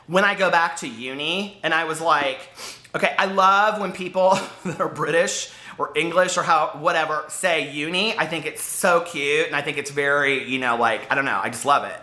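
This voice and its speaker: A man's voice: a little high, normal speed, pushed and bright. American guy rambling on about books to camera, lots of like and um, echoey room. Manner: chatty, rambling, lots of asides and fillers. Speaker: book vlogger. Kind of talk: casual unboxing chat to camera.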